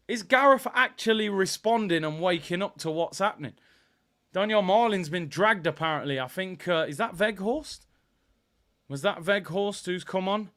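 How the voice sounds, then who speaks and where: A young man hosts a live football watchalong, reading viewers' comments and reacting to the game. His voice sits a little high for a man, and he swings from easygoing chat to loud, excited outbursts. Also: moderate pace. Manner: animated, banter with chat, bursts of excitement.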